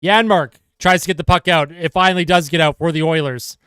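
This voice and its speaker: High-voiced fan doing rapid play-by-play. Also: male voice, steady tone, a bit bright, clean tone, no echo, studio quality. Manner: fast play-by-play, exasperated and sarcastic at his team. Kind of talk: live fan play-by-play commentary.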